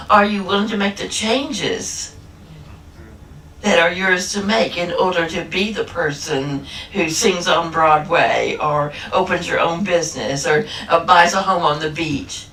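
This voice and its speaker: A woman's voice: mid-range voice, fairly bright tone, slight background noise. A woman minister giving a humorous, emphatic sermon and drawing out key phrases, recorded in an echoey church hall from a distance. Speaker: guest minister.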